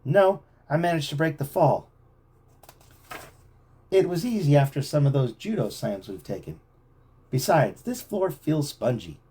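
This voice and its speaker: A daring teenage boy detective from a storybook, called out loud and eager by a man reading aloud. The voice sits well above the reader's own, still dark and a bit husky. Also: fairly high pitch, animated, a little slow, long pauses, pitched above the performer's own voice. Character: bold adventurous teen boy Joe.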